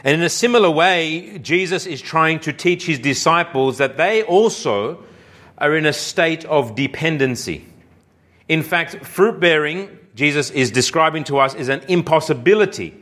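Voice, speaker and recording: Male pastor, slightly high voice, measured emphatic sermon delivery. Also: lively intonation. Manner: slow, emphatic preaching with deliberate pauses; drops low and quiet on key phrases.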